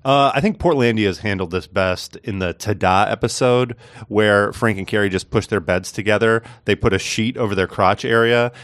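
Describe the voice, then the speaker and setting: A man's voice: on the low side, moderate pace, a bit bright, no room sound, clean studio sound. A man co-hosting a casual chat, telling stories with enthusiasm and laughing often. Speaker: podcast co-host.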